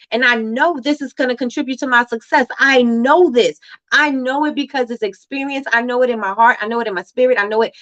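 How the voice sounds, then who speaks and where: This livestream host's fairly high voice sounds pushed and bright, though the highs are cut off. She delivers motivational talk emphatically, repeats lines for effect, and reads out comments from viewers.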